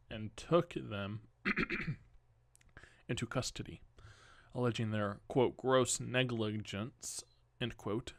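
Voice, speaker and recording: Young male podcast host, unhurried news reading with offhand commentary, dry mic. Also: lowish voice, no room sound. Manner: casual, rambling asides and self-corrections.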